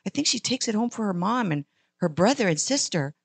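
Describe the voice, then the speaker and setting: A woman's voice: mid-range voice, sing-song, a little fast, creaky, slightly rough, no room sound, heavily acted. A woman voicing a caring young girl in a children's story, talking in a pleading, childlike way. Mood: worried.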